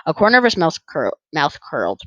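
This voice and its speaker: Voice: mid-range voice, wildly swooping pitch, fairly quick, bright, forceful tone, no room sound, lo-fi sound. Easygoing first-person audiobook narrator. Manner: easygoing, with small stumbles and rereads.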